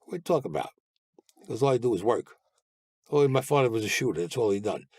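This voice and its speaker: A man's voice: mid-range voice, expressive, quick pace, darkish tone, husky, no room sound, studio quality. A man being interviewed who tells stories in a blunt, profane way and acts out the lines of the people in them. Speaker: guest recounting past crimes. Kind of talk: storytelling interview.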